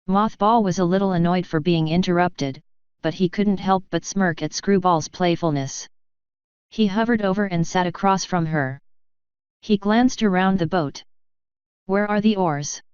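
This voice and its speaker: A woman reading a fanfiction story aloud in steady storybook narration. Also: lowish voice, moderate pace, clean tone, no echo. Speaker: fanfiction reader. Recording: dry, slightly muffled recording.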